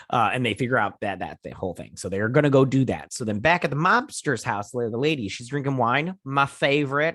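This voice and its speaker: A man's voice: medium pitch, fairly bright tone, dry recording, clean studio sound. A man hosting his own channel, giving a casual, rambling recap and review of a TV episode. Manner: rambling, chatty, lots of "he's all like" retelling. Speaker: TV show reviewer and channel host.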